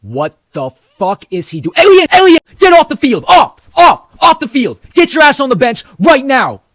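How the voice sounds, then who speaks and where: A man voicing an angry high school football coach who barks orders and swears in an animated storytime. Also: unhurried, no echo. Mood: yelling. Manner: barking orders, profane.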